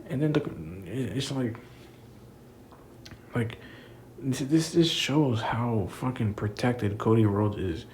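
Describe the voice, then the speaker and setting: A man's voice: mid-range voice, slow pace, a little mellow, slight background noise. A young man giving a profane, exasperated review rant about a wrestling event, repeating himself and calling the listener "bro.". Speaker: wrestling commentator. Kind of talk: ranting review.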